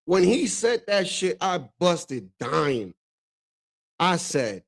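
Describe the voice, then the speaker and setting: Profane laughing streamer, slightly high voice. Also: male voice, animated, unhurried. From Dominican Republic. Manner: loose, profane, laughs often, says "bro" a lot. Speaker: stream host reacting to clips. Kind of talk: casual reaction commentary.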